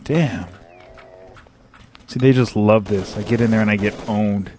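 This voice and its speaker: This is live, offhand game commentary from a Southern California man hosting an internet radio show in his apartment; he rambles, jokes, leans on fillers and calls the shooter action as he plays. His voice sits fairly low, measured and a little mellow, with a slight hiss or hum.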